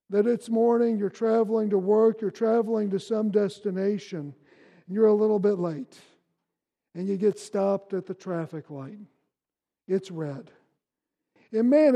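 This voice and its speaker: A man with a high, gravelly and mellow voice preaches to his congregation. He tells lively everyday stories and drives his points home in emphatic bursts. His voice rings through the long reverb of a church hall. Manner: animated storytelling preacher, punchy emphatic bursts. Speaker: pastor. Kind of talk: sermon.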